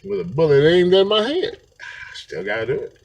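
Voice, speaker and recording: A man's voice: high-pitched, sing-song, normal speed, gravelly, darkish tone. A man talking straight to camera in an unscripted monologue, rambling and slangy and often breaking into laughter. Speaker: vlogger.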